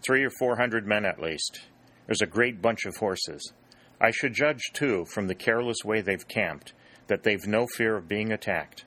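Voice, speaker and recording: A man reading an audiobook, voicing a careful young soldier scout in a measured, practical way. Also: fairly low pitch, pushed and bright. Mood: steady.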